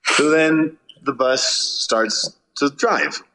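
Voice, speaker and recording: Bright-voiced man telling a story. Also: a little high, very slow. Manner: animated, swearing, acts out his own yelling. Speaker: touring musician. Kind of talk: casual storytelling.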